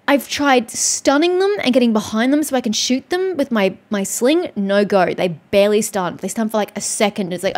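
A woman's voice: on the high side, moderate pace, hardly any pauses, darkish tone. A woman streamer commenting on her gameplay, exhausted and upset after crying, ranting with heavy swearing. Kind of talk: let's play commentary.

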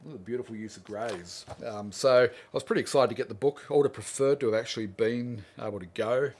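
A man's voice: mid-range voice, fast talker, a little mellow, slight background noise. A middle-aged Australian man hosting a casual livestream chat as an art teacher, greeting viewers by name in a friendly, easygoing way.

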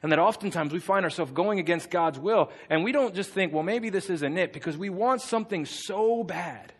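A male pastor preaching a sermon, with animated and conversational storytelling. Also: high voice, moderate pace, slightly rough.

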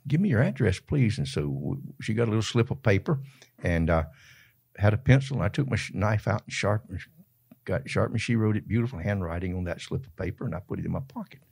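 An older man with a Georgia drawl tells his stories as an interview guest, folksy and quick to laugh. His low voice is gravelly and a little husky, and it rises and falls with lively swings. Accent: Southern US, Georgia. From Georgia, USA. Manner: colorful folksy storyteller, laughs often mid-sentence. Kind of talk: animated storytelling.

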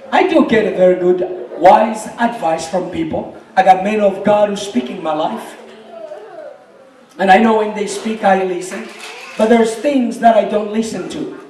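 A man with a Southern African accent preaching a sermon, impassioned and often shouting with emphatic repetition. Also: high-pitched, far from the mic. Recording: roomy hall, mic from afar.

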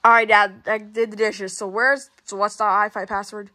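A woman's voice: level tone, pushed and bright, lightly acted. Nightmare, a woman doing a whiny gamer kid. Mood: grumbling. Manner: whiny, complaining, high and fast.

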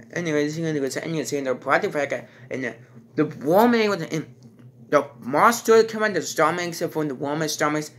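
Man, bright sharp voice, slightly high, halting, repetitive, rambling movie review. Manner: halting, repeats "and then" often, restarts sentences.

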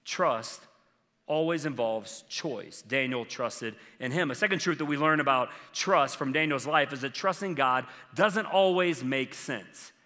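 A man's voice: mid-range voice, measured pace, sharp tone. A man preaching a sermon as a pastor, earnest and conversational, with casual fillers. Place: church sanctuary. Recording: long reverb from a large church hall.

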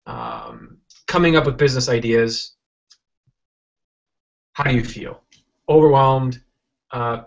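A software entrepreneur, appearing as an interview guest, tells a story in an animated, rambling way, often restarting and acting out quotes. His voice is middle-pitched, and the audio is dull and lo-fi, like a video call.

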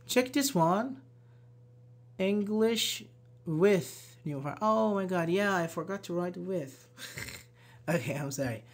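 An online English teacher giving a live grammar lesson, slowly repeating example sentences and answering chat. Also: mid-range voice, animated. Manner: slow, repeats examples, apologizes and laughs at own slips.

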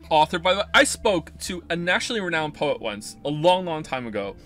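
A man's voice: a little high, big pitch swings, a little fast, pushed and bright. A man streaming a game, muttering, reading text aloud and venting in exasperation. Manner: exasperated, swearing, muttering to himself. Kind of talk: live gameplay commentary.

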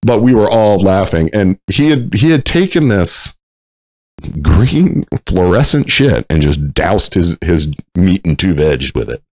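A man with a low voice tells a rowdy story in casual chat, his pitch swinging wide as he acts out the shouting of others. He swears freely and keeps the pace loose, as a co-host on a talk show about military life. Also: big pitch swings, unhurried, dry recording. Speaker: veteran podcast co-host.

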